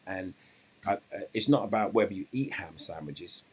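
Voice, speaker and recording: A man's voice: deep voice, lively intonation, normal speed, slightly rough. A man hosting a weight-loss coaching podcast, talking casually and rambling, with restarts before an earnest moral point. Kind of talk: casual live-stream talk and storytelling.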